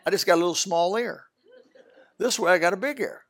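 Older guy preaching, kinda high voice, tells stories, gets loud then goes real quiet. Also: fairly quick, a faint crowd. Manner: storytelling with loud bursts and sudden soft asides. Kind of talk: sermon.

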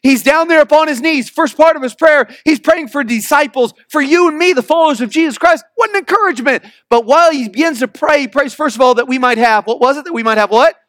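A male pastor preaching a sermon, emphatic, calling for responses from the congregation and reading scripture slowly. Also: extremely high pitch, a bit bright, no room sound, clean studio sound.

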